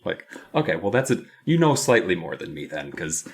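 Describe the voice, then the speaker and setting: A man's voice: deep voice, normal speed, slightly rough. A man co-hosting a podcast, casually discussing a book and acting out the characters' lines. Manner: animated, acts out characters' lines. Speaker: podcast co-host.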